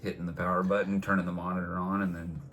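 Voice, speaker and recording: Deep-voiced blunt man on a podcast. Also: level tone, quick pace, over a noisy crowd. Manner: blunt and opinionated. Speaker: podcast co-host. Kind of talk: casual chat.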